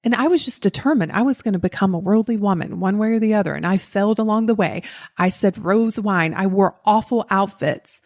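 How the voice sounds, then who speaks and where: A woman's voice: mid-range voice, fairly quick, darkish tone. A woman with a Southern US accent hosting a podcast, telling a personal story in a candid, self-deprecating way and laughing at herself. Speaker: podcast host.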